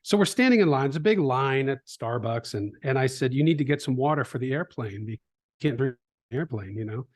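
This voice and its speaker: A middle-aged man in a conversational interview, an animated storyteller who acts out quoted voices, with frequent restarts. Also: medium pitch, fairly quick. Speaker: trading educator, guest.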